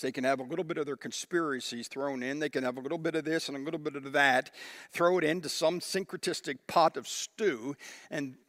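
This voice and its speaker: A male pastor preaching a sermon, emphatic and animated as he reads scripture aloud with dramatic emphasis. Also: fairly high pitch, no room sound, studio quality.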